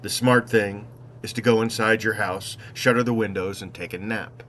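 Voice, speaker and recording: A man narrating his own travel story in the first person, reflective and meandering, with wry asides and unhurried self-corrections. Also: fairly low pitch, fairly even intonation, fairly bright tone, slight background noise.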